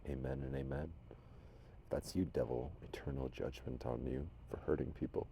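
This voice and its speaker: Gravelly low-voiced man from Minnesota. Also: steady tone, moderate pace, a little hiss or hum. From Minnesota, USA. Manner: rambling, drifts between loud commands and soft whispers. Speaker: spirit medium vlogger. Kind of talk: casual live talk to unseen spirits.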